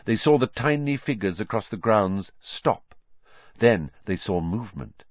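A man narrating an audiobook in a measured, expressive storytelling manner. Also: deep voice, no echo. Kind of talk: scripted narration. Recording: dull lo-fi dry recording.

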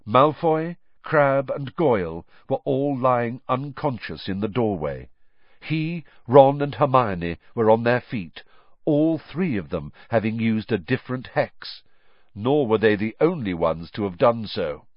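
A man reading a story aloud as narrator, with expressive storytelling delivery. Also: a little slow, no room sound. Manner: lively storytelling with varied pitch. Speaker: audiobook narrator. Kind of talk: scripted narration. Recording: dry, slightly muffled lo-fi recording.

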